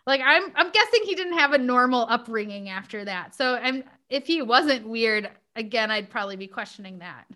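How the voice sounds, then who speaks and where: A woman with a fairly high, sharp-toned voice hosts a podcast, speaking animatedly at normal speed with hardly any pauses. Her casual chat is full of asides and fillers like "like" and "you know."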